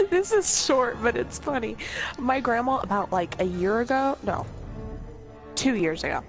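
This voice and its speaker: Woman, casual comedic storytelling, unhurried delivery, slightly high voice, frequent laughter, casual swearing, faint music behind. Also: animated, gravelly. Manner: laughs often, swears casually, rambling asides. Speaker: storyteller host.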